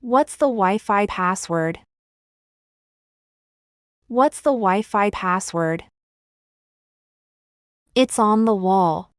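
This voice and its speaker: A woman teaching everyday English phrases in a slow, deliberate, scripted lesson. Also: medium pitch, dry recording, clean studio sound. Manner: slow, deliberate, clearly enunciated.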